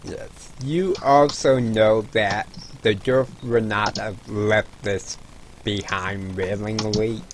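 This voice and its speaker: A man narrating a tabletop game as game master in a measured, descriptive way, with hesitations. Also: fairly low pitch, fairly even intonation, slight background noise, poor audio.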